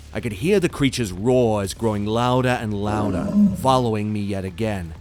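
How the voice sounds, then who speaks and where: A man narrating a first-person horror story in a tense, steady way. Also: lowish voice. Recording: faint music underneath.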